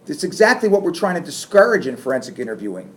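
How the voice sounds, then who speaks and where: A middle-aged man giving a classroom lecture, animated and acting out sarcastic lines as examples. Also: a little high, quick pace. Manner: animated, acts out sarcastic quotes. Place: lecture room.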